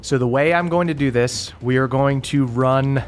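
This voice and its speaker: A man guiding players through a tabletop adventure as game master. His narration is relaxed and full of fillers. His pitch sits in a middle range. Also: normal speed.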